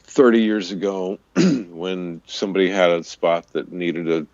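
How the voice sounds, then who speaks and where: A man, a voice-over artist and radio DJ, chatting in an interview and explaining voice technique in an easy way, with a deep, resonant voice. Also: a little slow, a little mellow, muffled recording. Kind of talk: casual interview chat.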